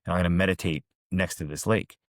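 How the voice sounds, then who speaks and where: A man voicing an irritable male monk who grumbles his plans in a hurried mutter. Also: deep voice, fairly even intonation, dry recording, close to an everyday voice. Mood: annoyed.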